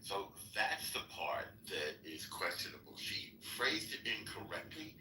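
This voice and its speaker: A man steps into an online debate, hesitant and stumbling over his words as he works through his point. His voice is very low and bright-edged. The sound is distant and echoey. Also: sing-song, a little slow. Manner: hesitant, restarts and repeats words. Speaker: guest debater. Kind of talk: live-stream debate. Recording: echoey distant audio with faint noise.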